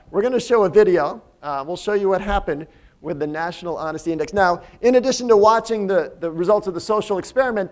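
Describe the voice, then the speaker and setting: Man with a high-pitched voice, conversational guest lecture, business talk, questions for the audience, loose phrasing with fillers. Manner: frequent fillers and restarts. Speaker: company founder giving a guest lecture. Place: university lecture room.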